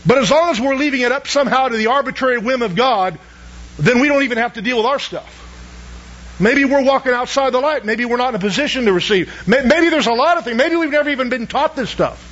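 A man's voice: very high voice, quick pace, a bit bright, highs cut off. A man preaching a sermon, asking the congregation questions and pressing each point with emphasis. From Southern United States. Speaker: pastor.

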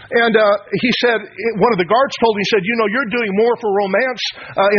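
Man preaching, brisk and high-pitched, conversational storyteller on a muffled recording. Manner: retelling a story with quoted speech, conversational. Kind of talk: sermon storytelling. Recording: dull lo-fi sound with faint noise.

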